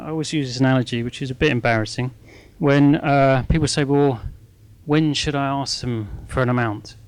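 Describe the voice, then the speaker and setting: A man's voice: fairly high pitch, smooth, dry recording. A middle-aged man giving a live talk to an audience. His speech is chatty and self-mocking, and he keeps checking in with "okay?". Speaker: guest speaker at a fundraising masterclass.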